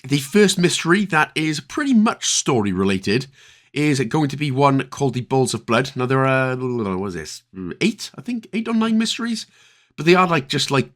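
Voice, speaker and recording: Here a man with a Northern Irish accent, a creator of video game guides, gives casual commentary over a gameplay walkthrough. His voice is medium in pitch and fairly bright, and he keeps things chatty with plenty of jokey asides.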